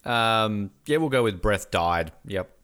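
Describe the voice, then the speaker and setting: A man's voice: fairly low pitch, expressive, fairly bright tone, smooth. A man co-hosting a podcast, joking around in a casual movie chat. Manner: jokey, quick asides. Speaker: podcast co-host.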